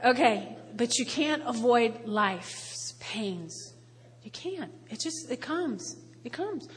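A woman in her fifties, a pastor preaching a sermon with animated, playful storytelling. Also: on the high side, slow pace. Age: 50s. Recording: reverberant hall.

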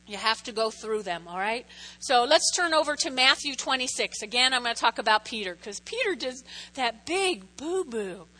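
A woman's voice: on the high side, expressive, normal speed, sharp tone. A woman pastor preaching a sermon in a chatty way, often checking in with her listeners. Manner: chatty, keeps checking in with the audience.

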